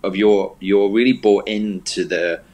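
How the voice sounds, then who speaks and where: A man's voice: on the low side, steady tone, measured pace, darkish tone, lo-fi sound. A man co-hosting a film review show, talking in an enthusiastic, casual way and repeating words for emphasis. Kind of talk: casual chat.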